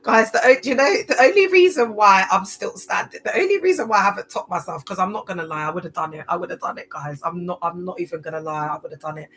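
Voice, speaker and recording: A woman's voice: on the low side, expressive, quick pace, few pauses, slightly rough, rough recording. A woman, hosting a casual livestream, chatty and full of slang, often repeating herself. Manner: chatty, repetitive, slangy, swings loud and soft. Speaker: livestream host. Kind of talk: casual live-stream talk.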